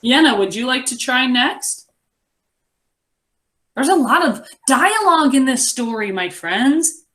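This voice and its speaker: A young adult woman teaching a reading lesson to a class, encouraging and expressive as she reads aloud. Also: high voice, a little slow, pauses often.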